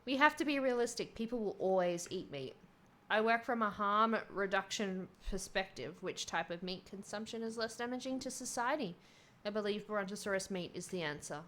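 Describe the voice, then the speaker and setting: An earnest chicken expert from a video game lays out his case in a calm, lecturing tone. A woman voices him in a voice close to her own. The voice sits at a middle pitch and stays steady. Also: normal speed, lightly acted. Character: earnest chicken meat-industry expert, male.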